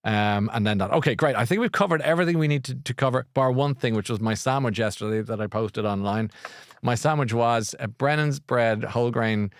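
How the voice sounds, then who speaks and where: A man's voice: mid-range voice, fairly quick, no echo, studio quality. A middle-aged Irish man hosting a live podcast, rambling in a chatty, easygoing way and laughing often. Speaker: podcast host. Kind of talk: casual live chat.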